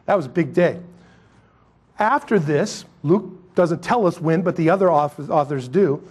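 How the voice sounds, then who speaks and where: A male pastor preaching a sermon, swinging between loud emphatic lines and quiet asides. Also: on the high side, animated, normal speed, husky.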